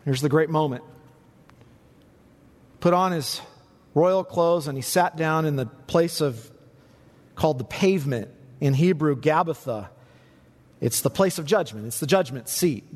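A man preaching a sermon as pastor, building to emphatic peaks and dropping low for quiet points. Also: expressive, measured pace, long pauses. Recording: long reverb in a large hall.

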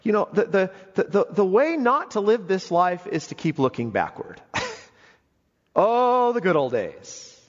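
Husky preacher man in a reverberant hall. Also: high voice, sing-song, measured pace. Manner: emphatic, swinging between soaring and hushed. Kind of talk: sermon. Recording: dull lo-fi audio with long hall reverb.

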